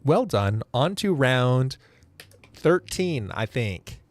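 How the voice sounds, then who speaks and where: A man's voice: medium pitch, big pitch swings, very slow, no echo. A man hosting a comedy game show, reading out contestant answers and vote counts in a playful, self-deprecating way.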